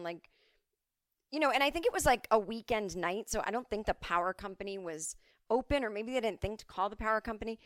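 A woman in her forties hosting a casual solo podcast from home, chatty and swearing freely with quick asides. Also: on the high side, expressive, a bit bright, no room sound, studio quality. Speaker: podcast host.

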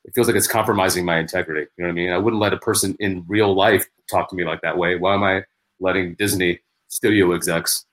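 Fast-talking male comedian, low voice. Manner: animated storyteller, many restarts. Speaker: guest comedian. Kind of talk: casual podcast chat.

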